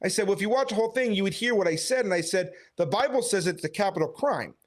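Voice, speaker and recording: Street preacher, male, high-pitched, animated storyteller. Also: fast talker. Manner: animated storytelling, quoting others. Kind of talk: casual conversation, retelling events.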